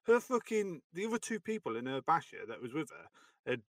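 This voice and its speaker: A man's voice: fairly high pitch, very animated, a little fast, fairly bright tone, no echo. A young man co-hosting a podcast, telling a sweary army story in a chatty way. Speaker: podcast co-host. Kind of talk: casual army stories chat.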